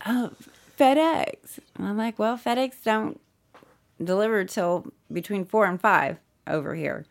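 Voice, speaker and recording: On a casual podcast, a middle-aged mother tells a story, animatedly acting out quotes and swearing often. Her voice is medium-pitched and creaky, and she speaks a little slowly.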